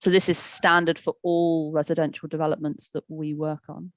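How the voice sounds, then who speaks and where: A woman answering questions as an expert witness at a public inquiry, measured and explanatory. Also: low voice, flat delivery, no echo. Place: public inquiry hearing room.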